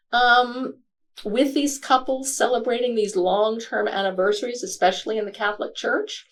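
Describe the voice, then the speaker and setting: A woman author as a podcast interview guest, speaking reflectively and halting with frequent fillers. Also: a little high.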